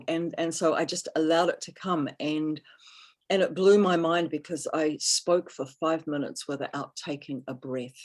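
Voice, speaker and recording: Low husky-voiced woman chatting on a podcast, tells her story, gets lively quoting people. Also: moderate pace. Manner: storytelling, animated when quoting others, softens to near whisper. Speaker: healer. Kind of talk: casual podcast chat.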